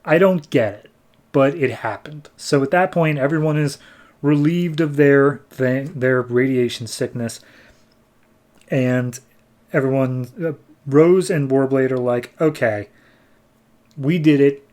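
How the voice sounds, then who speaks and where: A man's voice: mid-range voice, unhurried, darkish tone. A man hosting a comic review podcast, recapping a comic casually and rambling with many "like"s. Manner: rambling, lots of "like", acts out characters.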